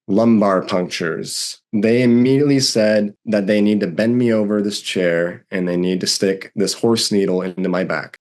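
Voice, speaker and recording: A young man, a podcast guest, vividly retelling a personal story and acting out what others said. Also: low voice. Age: young adult. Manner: vivid, animated retelling with acted-out quotes. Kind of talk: storytelling in a conversation.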